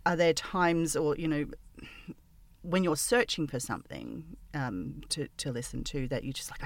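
A woman hosting a casual podcast interview, talking hesitantly with many pauses and restarts. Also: low voice, expressive, gravelly, dry recording. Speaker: podcast host interviewing an audio creator.

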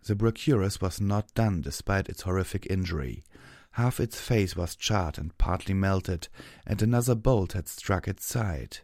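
Deep-voiced male storyteller. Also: measured pace, a little mellow, no echo, studio quality. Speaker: narrator. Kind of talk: scripted narration.

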